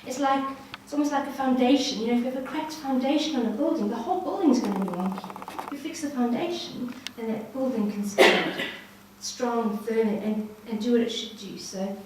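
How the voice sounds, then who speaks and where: A woman's voice: fairly high pitch, fairly quick, noisy background. A woman giving an earnest, encouraging personal testimony to a ladies' gathering, speaking straight to the audience. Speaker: guest speaker. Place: hall at a ladies' social evening. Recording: echoey room from far off.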